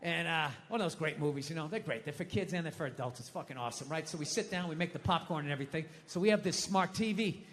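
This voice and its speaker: A male stand-up comedian doing a self-mocking, profane routine, swinging between muttered asides and yelled outbursts. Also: fairly high pitch, quick pace, hardly any pauses. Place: theater stage before a live audience. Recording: reverberant hall with faint hiss.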